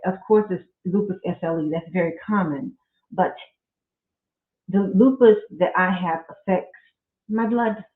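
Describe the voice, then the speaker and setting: A middle-aged woman speaks slowly and earnestly, breaking into religious exclamations as she shares her story. She has a medium voice. The sound is thin and phone-like, with an echoey room around her. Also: fairly low pitch. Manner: slow, heartfelt, with religious exclamations. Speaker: podcast host. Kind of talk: casual faith-based personal talk. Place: at home.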